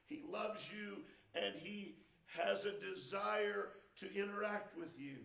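High-voiced preaching pastor in echoey church. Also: male voice, takes it slowly, vocal fry. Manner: preaching, building to shouts. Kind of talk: sermon. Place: church sanctuary.

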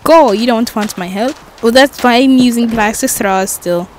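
A woman's voice: a little high, normal speed, slight background noise. A woman giving casual, jokey commentary while playing a game, chatting to herself and swearing now and then. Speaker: gaming vlogger.

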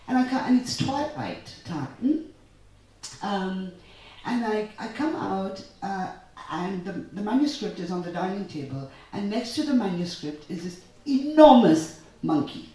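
A woman's voice: mid-range voice, a little slow. Indian woman telling stories in an echoey hall. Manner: animated, anecdotal, with acted-out quotes. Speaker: author and translator. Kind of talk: storytelling talk at a literary festival. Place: festival hall. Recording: echoey hall, distant mic.

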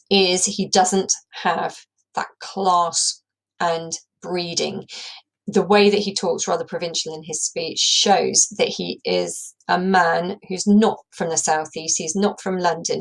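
Lower-voiced woman teacher explaining a play. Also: creaky, poor audio. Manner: explanatory, thinks aloud while teaching. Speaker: English teacher. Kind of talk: recorded lesson on a play.

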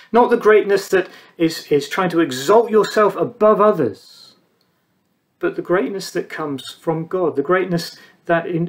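A man preaching a sermon, earnest, pausing between phrases and dropping low on key words.

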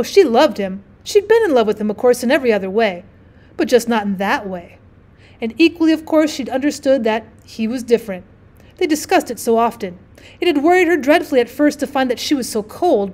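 A woman teacher narrating a classic short story as an audiobook, measured and expressive. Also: fairly high pitch.

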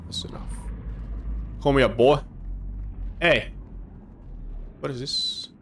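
A young man giving jokey, excitable commentary while playing a game, swearing and reacting loudly. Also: mid-range voice, slow, slight background noise. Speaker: gaming streamer. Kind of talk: let's play commentary. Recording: music playing behind.

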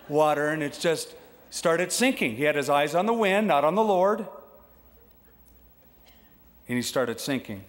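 Animated preacher in a reverberant church. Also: male voice, moderate pace. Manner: animated, acts out quoted voices with big pitch jumps. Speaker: pastor. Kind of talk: sermon. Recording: long hall reverb.

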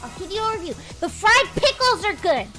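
Bubbly high-voiced young woman streamer. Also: big pitch swings, brisk, sharp tone. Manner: bubbly, rambling, heavy "like" and "freaking". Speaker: livestream host. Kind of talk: casual livestream chat. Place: indoors at home desk. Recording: faint music behind.

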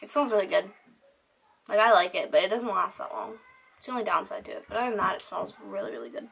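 A woman's voice: mid-range voice, quick pace, creaky, fairly bright tone, slightly rough. A teenage girl talking through her things in a casual, rambling show-and-tell chat, with lots of "like" in her speech. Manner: chatty, rambling, heavy use of "like". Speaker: vlogger. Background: crying children.

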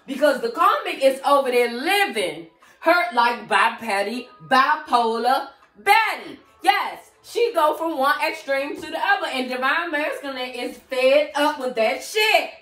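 A high-voiced woman reads tarot cards in a sassy, slangy, chatty way, talking to her viewer like a girlfriend. Her voice bounces around a roomy space, and she sits a little back from the mic. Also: sing-song, unhurried, a bit bright, recorded from a distance, soft background music. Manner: sassy, slangy, talks straight to the viewer as "girl". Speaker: tarot reader. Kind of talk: casual tarot reading.

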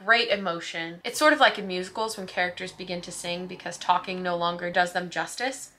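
A woman's voice: mid-range voice, pushed and bright. A young woman hosting a casual video lesson, emphatic and breezy, with the odd swear word. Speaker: video host teaching Shakespeare.

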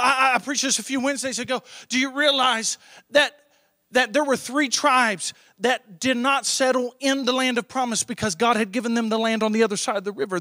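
A young male pastor preaching a sermon with passion, swinging from shouts down to hushed near-whispers. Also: extremely high pitch, no echo, clean studio sound. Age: young adult.

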